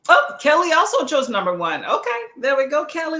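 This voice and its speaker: A woman's voice: sits high, big pitch swings, moderate pace, sharp tone, reverberant. A woman hosting a casual reading livestream, chatting to her viewers, laughing often and repeating her phrases. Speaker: booktube livestream host.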